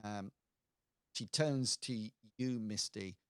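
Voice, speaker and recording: Slow, hesitant male game master. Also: fairly low pitch, fairly bright tone, clean tone, no room sound, clean studio sound. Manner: hesitant, many fillers and restarts. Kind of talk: narrating a tabletop game.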